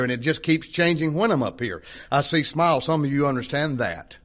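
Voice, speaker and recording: A man's voice: a little high, fairly bright tone. Older man preaching in a folksy way. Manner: folksy, conversational preaching with rhetorical questions. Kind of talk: sermon. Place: church hall before a congregation.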